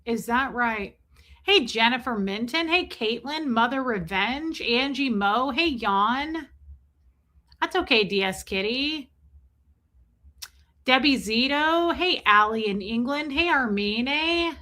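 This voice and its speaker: Woman hosting a live stream, reads off chat names, jokey and chatty, bright kinda high voice. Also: expressive, takes it slowly. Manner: chatty and joking, reading out viewer names. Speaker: livestream host. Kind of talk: casual livestream chat greeting viewers.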